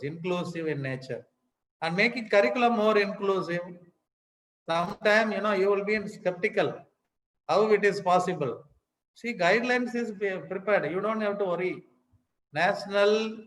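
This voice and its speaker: A man giving a lecture, explaining point by point, repeating key words and often pausing with "you know" and "uh" as he reassures his listeners. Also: high voice, a bit bright, reverberant, rough recording. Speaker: speaker at an education summit. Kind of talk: lecture presentation.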